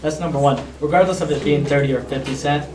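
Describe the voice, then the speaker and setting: A man's voice: a little high, fairly even intonation, quick pace, roomy sound, far from the mic, a crowd in the background. A man at a board meeting insisting on speaking, in unscripted remarks. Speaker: audience member at board meeting.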